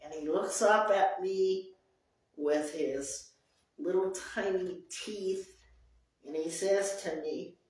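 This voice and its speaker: A woman's voice: lowish voice, slow pace, a little mellow, distant mic, a little hiss or hum. A woman leading a support group talk, speaking earnestly and repeating her phrases for emphasis. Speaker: group session leader. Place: group meeting room. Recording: very echoey room, voice off-mic.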